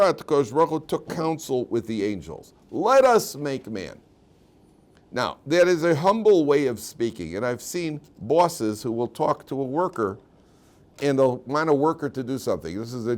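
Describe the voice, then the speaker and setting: An older man leads a Torah class in a classroom, speaking in a middle-pitched voice. He reads Hebrew quotes and then explains them in English in a lively, conversational way, with plenty of asides to his students. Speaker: rabbi teaching a class.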